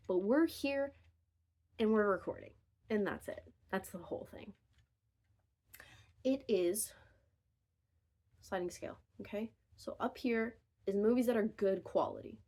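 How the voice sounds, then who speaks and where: A woman's voice: mid-range voice, measured pace, long pauses, dark tone. A young woman talks straight into her phone from her bedroom in an unscripted, rambling rant. She interrupts herself often and drifts into wry asides before pulling back on track. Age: young adult. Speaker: vlogger. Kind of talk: unscripted casual rant to camera. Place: bedroom at home. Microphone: phone camera.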